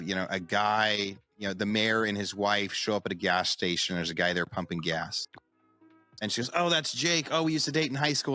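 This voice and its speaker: A man's voice: low voice, pushed and bright. A middle-aged man co-hosting a podcast, chatting casually and telling stories that act out the people in them. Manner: storytelling, acts out quoted voices. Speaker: podcast co-host. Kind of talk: casual chat.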